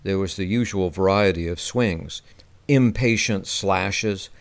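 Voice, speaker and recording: A man narrating a first-person memoir in a measured, descriptive way. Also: low-pitched. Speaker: audiobook narrator.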